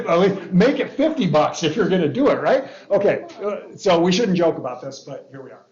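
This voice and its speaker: Muffled pastor with a higher voice. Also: male voice, lively intonation, normal speed, a little mellow, echoey room. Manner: casual, joking asides, questions to the group. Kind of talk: Bible study lesson.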